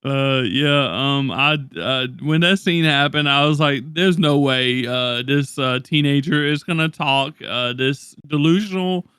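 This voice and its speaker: A man co-hosting a casual podcast chat, relaxed and chuckling, pausing often with "uh". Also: medium pitch, clear, resonant tone, dry recording, clean studio sound. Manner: relaxed, chuckling, many "uh" pauses. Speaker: podcast co-host.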